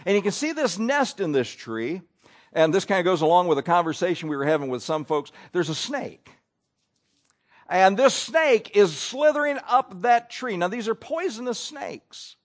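A man preaching a sermon, reading scripture aloud and telling stories in an animated way. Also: sits high, moderate pace.

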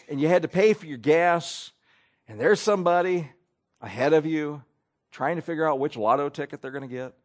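A man preaching a sermon, reading scripture aloud and telling stories in an animated way. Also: on the high side.

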